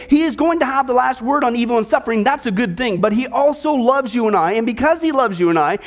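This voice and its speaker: A man preaching a sermon to his listeners, calling them folks, with repeated words and animated emphasis. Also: extremely high pitch. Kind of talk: sermon with a joke.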